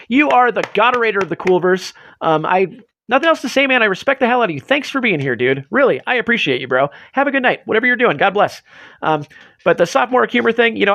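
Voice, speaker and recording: A man's voice: sits high, fairly bright tone, no echo, studio quality. A man hosting a casual livestream, rambling goofily and mocking himself, his voice getting strained. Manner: goofy, rambling and self-mocking. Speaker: livestream host.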